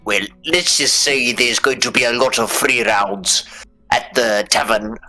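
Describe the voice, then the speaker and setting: A man's voice: mid-range voice, a little slow, sharp tone, faint music behind. A man playing a character in a live tabletop game, theatrical and playful. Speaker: player.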